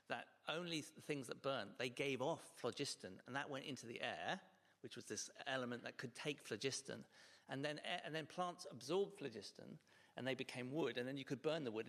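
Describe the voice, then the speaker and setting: A man's voice: medium pitch, gravelly, a bit bright. A man telling a science history story with enthusiasm in a casual panel chat. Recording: reverberant hall.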